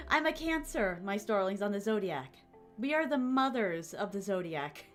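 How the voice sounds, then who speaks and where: A woman streamer chatting casually with her viewers and reading their comments, with a soft, relaxing, motherly voice. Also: medium pitch, big pitch swings, a little slow, faint music behind.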